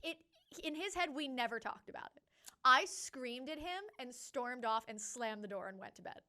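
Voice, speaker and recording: A young woman co-hosting a podcast tells a story in casual chat, her voice bright and high. She speaks at normal speed, animated and laughing as she acts out quotes.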